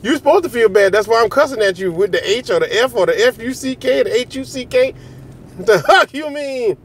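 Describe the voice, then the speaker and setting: A man with a drawl riffs straight to his audience in a loose, playful monologue, circling back on his own phrases and laughing along the way. His voice sits notably high for a man. Faint street traffic hums behind him outdoors. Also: fairly bright tone. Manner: loose, joking, repeats phrases, laughs often, swears. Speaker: vlogger. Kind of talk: casual direct-to-camera monologue.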